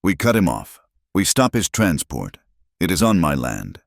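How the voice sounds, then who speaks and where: A man voicing a determined male mine owner who plans in a measured, quietly commanding way, with a very deep voice in a dry recording. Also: big pitch swings, dry recording, full character voice. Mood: steady planning.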